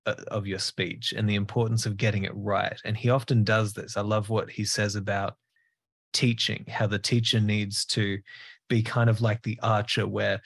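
Earnest, low-voiced man host. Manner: earnest, effusive, with repeated restarts. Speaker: podcast host. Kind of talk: conversational podcast discussion.

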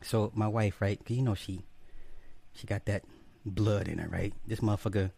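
A man's voice: fairly low pitch, fairly even intonation, moderate pace, vocal fry, warm tone, slightly rough. An adult man hosting a casual live stream, joking, swearing freely and greeting viewers by name one after another. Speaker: livestream host. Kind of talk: casual livestream chat.

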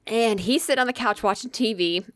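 A woman's voice: fairly high pitch, brisk, fairly bright tone, no echo, studio quality. A woman co-hosting a podcast, telling a story in casual chat, rambling with lots of "like" and casual swearing. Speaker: podcast co-host.

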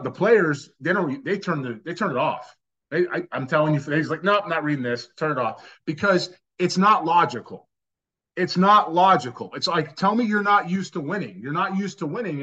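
A man's voice: a little high, pushed and bright. A man co-hosting a sports podcast, ranting emphatically and with exasperation, restarting his sentences often. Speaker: podcast co-host. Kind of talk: casual sports podcast talk. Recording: dull lo-fi audio.

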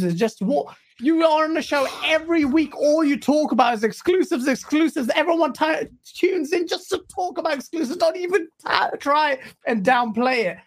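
A man with a very high voice ranting bluntly on a gaming livestream. He talks in heated, direct bursts. His tone stays casual. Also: lively intonation, normal speed, few pauses.

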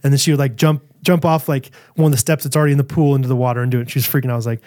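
A man in his thirties co-hosting a podcast, telling family stories in a casual, animated way with frequent laughter. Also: mid-range voice, very fast. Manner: animated storyteller, laughs often. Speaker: podcast co-host. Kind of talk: casual chat.

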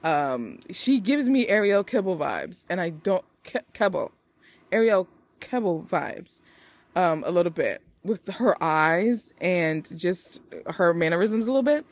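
A woman's voice: fairly low pitch, unhurried. Chatty woman podcast host. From United States. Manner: chatty, animated, playful wordplay. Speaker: podcast host reviewing movies. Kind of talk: casual chat.

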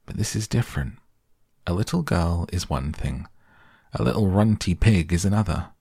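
A man voicing a farmer father who speaks firmly but gently. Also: low voice, moderate pace, gravelly, husky, dry recording, clean studio sound, full character voice. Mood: gentle. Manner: firm, calm.

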